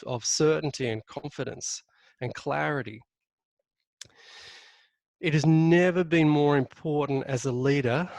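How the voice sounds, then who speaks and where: A man's voice: medium pitch, no room sound. Man coaching leaders in a webinar. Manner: coaching, stresses key words; frequent ums and restarts. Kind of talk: live webinar presentation.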